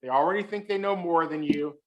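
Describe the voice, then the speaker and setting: A man's voice: a little high, fast, muffled recording, over a noisy crowd. A man giving a humorous talk on a video call, teasing his listeners and telling a story with punchlines. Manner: joking, storytelling, teasing the audience. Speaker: guest speaker.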